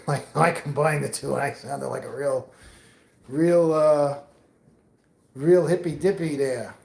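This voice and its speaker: A man's voice: a little high, fairly even intonation, a little slow, vocal fry, pauses often, a little mellow, echoey room. A middle-aged man from New York with a mixed New York accent, chatting casually and rambling as he answers viewers on his livestream outdoors. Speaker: livestream host. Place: outdoors on a windy day.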